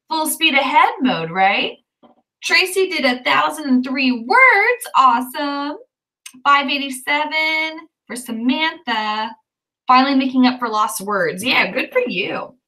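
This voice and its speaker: A woman's voice: high-pitched, big pitch swings, a little slow, sharp tone, recorded from a distance, rough recording. A woman hosting a writing livestream, chatting casually and cheering on viewers as she reads out their comments. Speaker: livestream host of writing sprints.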